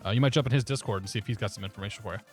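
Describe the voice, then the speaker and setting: A man's voice: lowish voice, racing, faint music behind. A man chatting casually on a live stream, laughing often and talking through his cockpit steps. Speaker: flight sim streamer.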